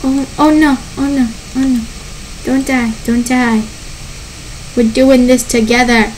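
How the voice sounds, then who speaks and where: Woman, very high voice, unhurried delivery, panicky gameplay commentary, squeals and laughs. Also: steady tone, a little mellow, slight background noise, low-quality recording. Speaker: gaming channel host.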